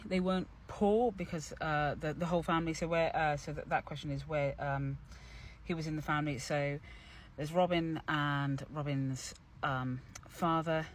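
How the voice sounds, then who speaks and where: A young man speaks casually, in a voice a little higher than most men's. He is an actor and playwright talking through his character's creation. His delivery is animated and chatty, full of fillers and restarts, with a faint ambient hum behind him.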